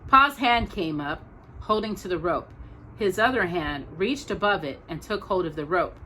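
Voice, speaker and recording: A woman hosting a storytime, reading a children's novel aloud in a gentle, expressive way. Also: fairly low pitch, a little hiss or hum. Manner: gentle and expressive, pausing for coughs. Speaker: storytime host.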